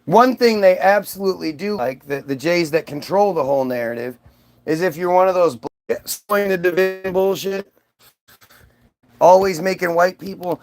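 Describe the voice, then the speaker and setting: A man with a high voice and a gravelly rasp, ranting in a loose, rambling stream full of swearing. He breaks off and restarts his sentences often as he talks to his viewers. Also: normal speed. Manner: rambling, profane, many restarts. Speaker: vlogger. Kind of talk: ranting monologue.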